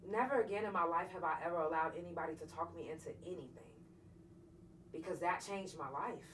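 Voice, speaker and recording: A woman's voice: fairly low pitch, a little fast, a bit bright, far from the mic. A woman podcast host tells a personal story to her livestream viewers in a blunt, profane, emotionally charged way. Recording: echoey room, voice off-mic, faint noise.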